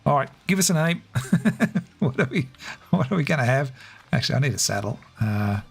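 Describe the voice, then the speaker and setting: A man's voice: mid-range voice, expressive, brisk, vocal fry, breathy edge, faint music behind. A man chatting casually while streaming a game, greeting viewers by name and laughing often. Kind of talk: casual livestream chat.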